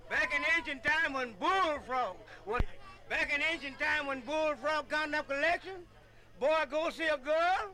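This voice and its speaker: A man's voice: very high-pitched, unhurried, sharp tone, low-quality recording. A man telling comic folk stories in a folksy way, often laughing and repeating "yeah.". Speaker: storyteller.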